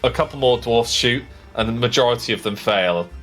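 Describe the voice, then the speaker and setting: A man's voice: mid-range voice, a little fast, a bit bright, soft background music. A man narrating as game master of a tabletop game, in a casual, rambling way full of fillers.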